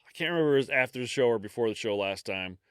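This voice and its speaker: A man's voice: mid-range voice, expressive, very fast, clear, resonant tone, dry recording, studio quality. A man co-hosting a podcast in casual chat, easygoing and teasing, laughing often. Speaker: podcast co-host.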